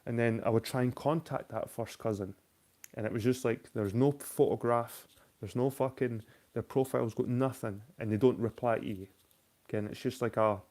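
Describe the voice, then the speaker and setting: Man ranting casually with a mellow voice. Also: mid-range voice. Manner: ranting, heavy swearing; reads viewer questions aloud. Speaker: host. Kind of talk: casual late-night live chat.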